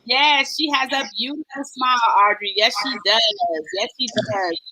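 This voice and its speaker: A high-pitched woman hosts a live stream and reads viewer comments aloud. Her tone is bright and clear, and she greets each viewer in a lively, sing-song way. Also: moderate pace, low-quality recording. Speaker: host.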